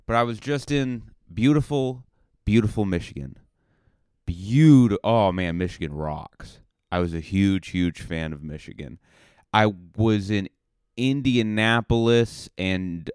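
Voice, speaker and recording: Low-voiced rambling comedian host. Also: male voice, a little slow, a little mellow, clean tone, dry recording, clean studio sound. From Massachusetts. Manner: rambling, self-mocking, jokey asides. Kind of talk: solo comedic podcast monologue.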